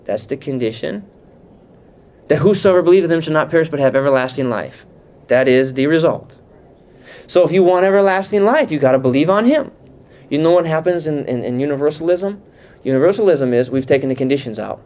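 A man teaching a Bible class in an animated, conversational way, often putting questions to his listeners. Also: on the high side, fairly quick. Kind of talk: teaching sermon. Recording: muffled lo-fi sound.

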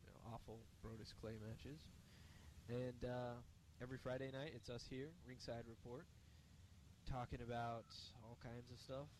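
A man's voice: medium pitch, flat delivery, normal speed, darkish tone, a little hiss or hum. Rambling man co-hosting a podcast. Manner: rambling, filler-heavy delivery. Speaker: podcast co-host. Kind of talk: casual podcast chat.

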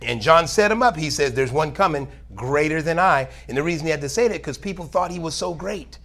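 A man's voice: on the high side, lively intonation, brisk, a bit bright. A male pastor preaching a sermon in church, reading scripture aloud and asking for amens. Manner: preaching, calls for amen, reads scripture aloud.

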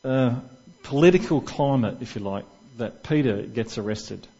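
A man's voice: mid-range voice, expressive, moderate pace, mellow, husky, muffled recording. A man preaching a sermon in church, talking conversationally and asking the congregation questions.

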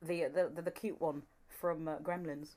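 A woman's voice: low-pitched, fairly even intonation, dark tone. Dry-witted woman co-host. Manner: dry, quick quips. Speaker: podcast co-host. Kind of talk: casual comedic chat.

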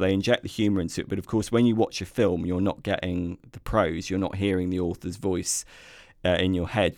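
A man's voice: low voice, no room sound, studio quality. A British man co-hosting a casual film podcast, talking in a hesitant way with many fillers and restarts, livelier when enthused. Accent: British English. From Britain. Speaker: podcast co-host, film reviewer.

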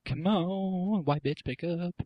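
A man's voice: high-pitched, slow, dull audio, heavy background noise. A man hosting a comedy podcast in casual chat, rowdy and often laughing. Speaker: podcast host.

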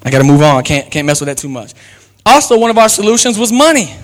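A man's voice: high voice, very animated, quick pace, in a large hall. A man preaching a sermon as pastor, acting out quotes and calling on the crowd to respond.

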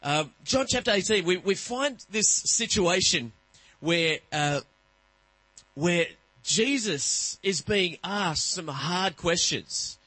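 A middle-aged man preaching a sermon, telling stories and acting out voices with lively energy. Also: high-pitched, slow pace, no room sound, low-quality recording. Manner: animated, acts out voices in anecdotes. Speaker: pastor. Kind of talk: sermon with storytelling.

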